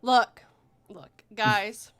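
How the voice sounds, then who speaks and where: A woman's voice: mid-range voice, steady tone, drawn-out words, fairly bright tone, soft background music. A woman hosting a casual livestream chat, giggly and punny, reading viewer messages aloud. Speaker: podcast host.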